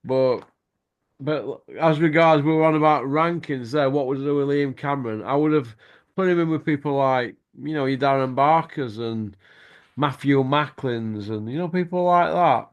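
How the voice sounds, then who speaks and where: A man's voice: medium pitch, normal speed, highs cut off. A middle-aged man, hosting a boxing show and telling stories in casual chat, swearing freely and laughing as he goes.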